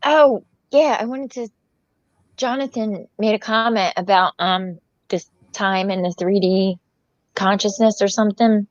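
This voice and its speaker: A woman's voice: medium pitch, measured pace, no room sound. Chatty woman, dull dry lo-fi sound. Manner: chatty, coughs and laughs. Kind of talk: casual chat.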